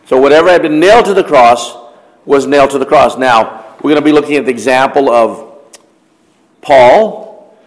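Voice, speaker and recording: A man preaches in a mid-pitched voice, reading scripture and then unpacking it in plain talk. He keeps asking the listeners questions as he goes. His voice rings out with the long reverb of a large hall. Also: normal speed. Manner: reads scripture aloud then explains it conversationally, posing questions. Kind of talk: Bible study sermon.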